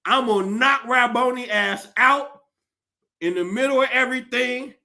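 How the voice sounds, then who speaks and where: A man with a high, gravelly voice delivers a profane, animated comedic rant as a podcast host. His tone is bright and forceful, and laughter keeps breaking into his talk. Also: moderate pace.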